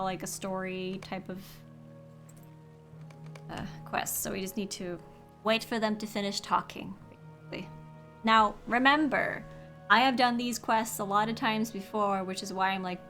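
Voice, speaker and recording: Streamer: an upbeat, mid-pitched woman chatting to her viewers over soft game music. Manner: chatty, upbeat, talks to chat. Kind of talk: casual gameplay commentary.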